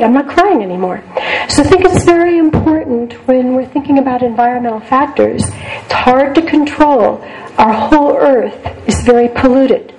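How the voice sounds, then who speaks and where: A woman's voice: high voice, moderate pace, a little mellow, rough recording. An older woman psychologist giving a talk to a group, speaking earnestly and repeating words for emphasis. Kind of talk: lecture to a group.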